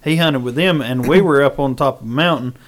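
A man, hosting a casual chat and telling a hunting story in a lively, drawling way. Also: medium pitch, a little fast. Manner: animated, rural drawl, says "son".

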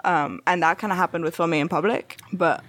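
A woman's voice: lowish voice, brisk, fairly bright tone. A woman who makes videos, talking openly and reflectively in a casual chat. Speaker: video creator.

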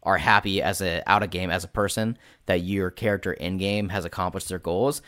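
Low-voiced man in rambling casual chat. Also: steady tone, a little fast, fairly bright tone, no echo, studio quality. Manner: rambling, swears casually, acts out quotes in put-on voices. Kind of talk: casual chat about tabletop role-playing.

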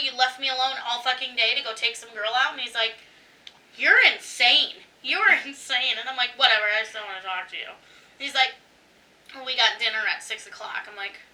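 Chatty woman podcaster, high bright voice, cursing and laughing, kinda far from the mic. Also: a little hiss or hum. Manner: animated, swears freely, laughs often. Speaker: podcast co-host. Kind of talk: casual storytelling chat.

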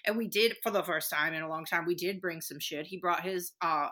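A woman's voice: lowish voice, a little fast, sharp tone. A woman guest on a podcast, talking casually with plenty of fillers and frequent swearing. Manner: chatty, swears freely, many fillers. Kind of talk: casual chat.

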